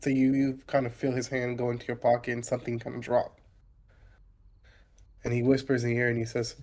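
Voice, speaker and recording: Relaxed man narrating as game master. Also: mid-range voice, brisk, pauses often. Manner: relaxed, describing scenes to players.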